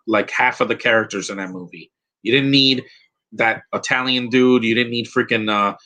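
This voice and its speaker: A man talks over a movie in a casual, rambling live commentary. His voice sits a little low but sounds bright and sharp. He is opinionated and often restarts his sentences. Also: low-quality recording. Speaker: film commentator.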